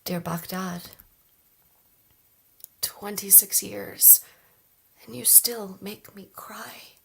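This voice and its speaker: Slow, breathy woman reading poetry. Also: medium pitch. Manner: soft, measured, with hushed whispered phrases. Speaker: open mic poet.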